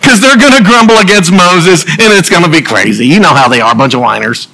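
A man's voice: sits high, fairly quick, sharp tone, slightly rough, rough recording. A man preaching a humorous sermon, full of jokey asides and laughter.

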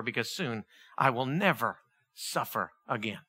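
A man preaching a sermon, passionate, swinging between loud exclamations and quiet, earnest reflection. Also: high-pitched, very animated, moderate pace.

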